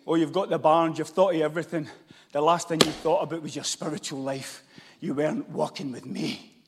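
A man with a Scottish accent preaching a sermon, moving between loud shouts and hushed, intense passages. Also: on the high side, fairly even intonation, brisk, vocal fry, breathy edge. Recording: long hall reverb.

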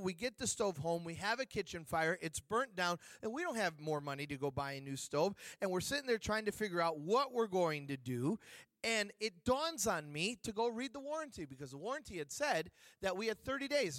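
High-pitched male preacher telling a lively anecdote from the pulpit, dry and close. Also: fairly quick, no echo. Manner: animated, joking with the congregation. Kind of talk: storytelling sermon. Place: church.

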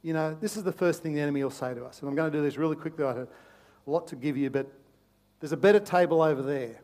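A man preaching a sermon as pastor, passionate and repetitive, swinging between loud urgent pleas and hushed, intimate tones, often stammering into restarts. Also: a little high, fast. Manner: repeats phrases, restarts with stammers.

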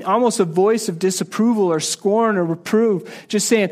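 A man's voice: high voice, moderate pace, hardly any pauses, a little mellow. A man preaching a sermon in a casual, conversational way, often repeating and restarting words as he explains a Bible passage. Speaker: pastor.

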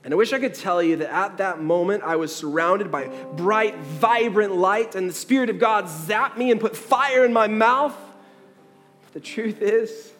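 A man who is a pastor, telling a story in a sermon and acting out the dialogue with lively changes of voice. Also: high voice, normal speed, big-room sound, faint music behind. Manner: animated storyteller, acts out the dialogue.

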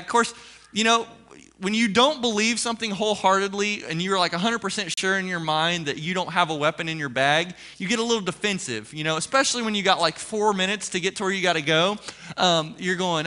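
A man preaching as a pastor, telling a personal story with animated, acted-out dialogue before turning to scripture. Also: high voice, a little fast.

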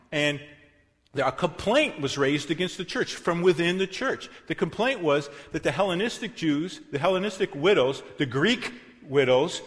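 A man's voice: on the high side, fairly bright tone. A pastor preaching a sermon, driving his points home with emphasis and asking the congregation questions. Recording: long reverb of a large hall.

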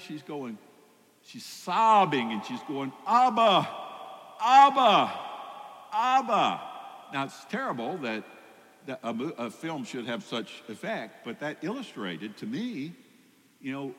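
A man's voice: on the high side, a bit bright. A man preaching a sermon as pastor, conversational, with rising emphatic peaks. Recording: long hall reverb.

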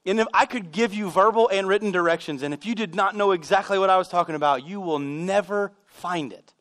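A man preaching a sermon as pastor, telling animated stories with self-deprecating humor. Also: high-pitched, a little fast. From United States. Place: church sanctuary.

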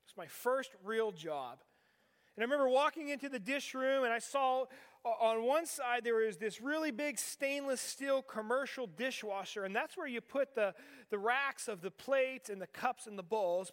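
With a very high-pitched, clean, slightly bright voice at ordinary speed, a western Pennsylvania pastor in his forties delivers a sermon that feels like conversation, full of rhetorical questions for his listeners. The sound rings with the long echo of a big hall.

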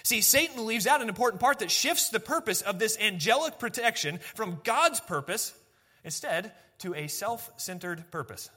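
A male pastor delivering a sermon in a high, bright voice. He talks conversationally, circles back to repeat key phrases, and drops in self-deprecating asides. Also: lively intonation, normal speed, breathy edge.

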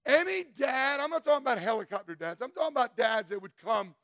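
A middle-aged man from Florida, giving a loud, emphatic testimony as a preacher, shouting for emphasis. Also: extremely high pitch, big pitch swings, quick pace, no room sound, studio quality. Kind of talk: sermon testimony.

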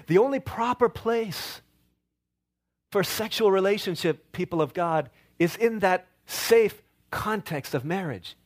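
High-voiced man preaching with stories. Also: animated, unhurried. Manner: storytelling with quoted voices and playful asides. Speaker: pastor. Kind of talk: sermon.

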